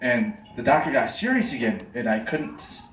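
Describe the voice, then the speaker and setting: A man from New doing a stand-up comedy set, rambling and self-mocking with quick asides to the crowd. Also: medium pitch, sing-song, a bit bright, slight background noise. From New York. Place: comedy club stage. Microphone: handheld stage mic heard from the room camera. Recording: roomy club sound from a distant camera. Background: audience laughter.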